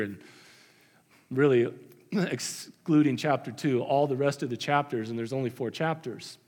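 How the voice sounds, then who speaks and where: A man's voice: fairly high pitch, moderate pace. A man preaching a sermon as pastor, conversational with emphatic repetition. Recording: long hall reverb.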